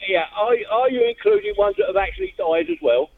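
A man's voice: sits high, sing-song, brisk. A man calling in to a radio show, friendly and a little hesitant. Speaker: phone-in caller. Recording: tinny phone line.

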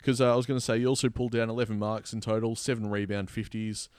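An Australian man chatting on a football podcast, his voice smooth and resonant and the sound close and dry. He spins a story with animated, mock-outraged flair, rising into sharp exasperation. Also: on the low side, fast talker, no room sound. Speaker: podcast co-host. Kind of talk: casual footy podcast chat.

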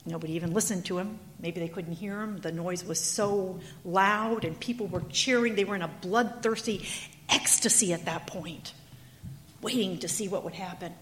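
A woman's voice: on the low side, normal speed, slight background noise. Woman preacher telling a dramatic story. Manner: dramatic, animated retelling. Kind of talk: sermon storytelling. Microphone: handheld or clip mic.

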